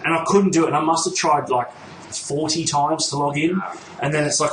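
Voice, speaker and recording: A man tells a story on a podcast, slightly high-pitched and loose-tongued. He acts out each side of the exchange and swears freely. The room is echoey, with a soft noise floor. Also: fairly quick. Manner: acts out both sides of the exchange, swears casually. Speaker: podcast host. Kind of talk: casual storytelling chat. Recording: roomy echo with faint noise.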